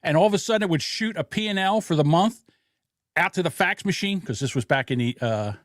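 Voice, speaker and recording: Podcast host, male, pitch slightly high, very lively delivery, dry close mic, blunt and profane. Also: brisk, no echo. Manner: blunt, profane, animated storytelling. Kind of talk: casual political podcast commentary.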